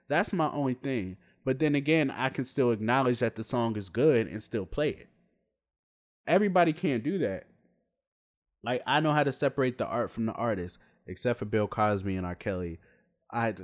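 A man in his twenties ranting bluntly and with plenty of swearing, in a casual vlog rant to camera. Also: mid-range voice. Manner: blunt, profane, animated storytelling. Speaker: vlogger.

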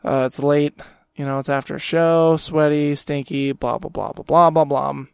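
A young man rants through a solo podcast, exasperated and swearing at every turn, his voice sitting a little high for a man. The sound is close and dry, with no room around it. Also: little pitch movement, moderate pace, gravelly, clean tone, dry recording. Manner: exasperated, swears constantly, mocks people in quoted voices. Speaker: podcast host. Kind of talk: profane ranting monologue.

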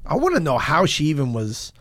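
A man's voice: a little high, wildly swooping pitch, brisk, fairly bright tone, dry recording. Guest, man in his 30s, loose laughing storyteller, dry close mic. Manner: laughs often, filler-heavy storytelling. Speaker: podcast guest. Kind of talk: casual chat.

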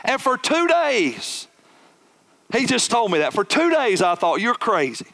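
Man, pastor, high-pitched, animated sermon storytelling. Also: measured pace, gravelly. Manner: animated, acts out dialogue in his story.

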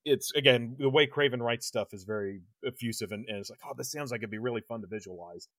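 A man's voice: mid-range voice, fast talker, a bit bright, dry recording. A man co-hosting a horror film podcast, talking loosely and animatedly, laughing as he goes and restarting his sentences. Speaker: podcast co-host. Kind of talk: casual film-review chat.

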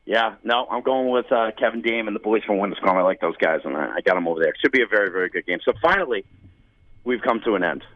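Male sports talk co-host, relaxed and jokey, slightly dull lo-fi audio. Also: fairly low pitch, fast talker, no echo. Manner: easygoing, jokey, lists picks and schedules.

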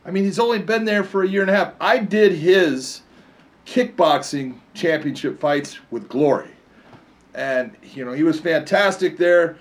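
A man's voice: a little high, normal speed. A man co-hosting a casual combat-sports talk show, telling stories animatedly and laughing often. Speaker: co-host, fight commentator. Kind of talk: casual chat.

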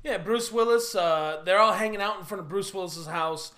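A man's voice: sits high, normal speed, pushed and bright. A man co-hosting a casual comedic podcast, retelling a movie plot with fillers. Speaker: podcast co-host.

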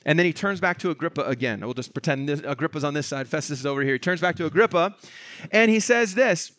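A man's voice: on the high side, fast, no room sound, clean studio sound. A male pastor preaching a sermon, explaining a scripture passage and acting out its dialogue in different voices. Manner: animated, acts out the dialogue of a reading in voices.

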